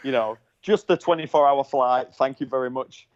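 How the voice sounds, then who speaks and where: Man telling lively stories in casual chat. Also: mid-range voice, moderate pace, muffled recording, noisy background. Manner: lively anecdotal, swears casually. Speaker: podcast host, former racer.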